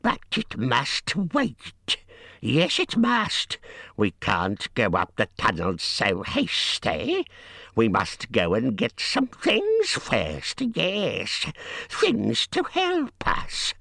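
A man voicing Gollum, a slimy wicked cave creature who hisses and wheedles in a gravelly, very slow voice with wild swoops in pitch. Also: huge pitch swings, sharp tone, no echo, clean studio sound, heavily acted. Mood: hissing.

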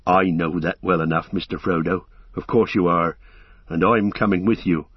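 A man's voice: sits low, fairly even intonation, normal speed, slightly rough, no echo, pitched below the performer's own voice. A man reading aloud and voicing a loyal young male hobbit servant who pleads in homely country speech. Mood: determined. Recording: dull lo-fi dry recording.

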